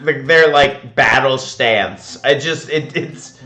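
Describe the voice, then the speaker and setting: A man doing casual gameplay commentary, playful and laughing, with halting restarts. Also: medium pitch, pushed and bright, roomy sound. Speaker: co-host playing a game.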